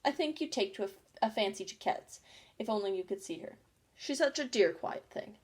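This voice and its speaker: A polite, curious young girl from a storybook, chattering eagerly and half to herself, as a woman reader voices her. The voice sits close to an everyday woman's pitch with a light, well-mannered lilt. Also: lively intonation, normal speed, a little mellow, husky. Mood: soothing. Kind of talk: storybook reading.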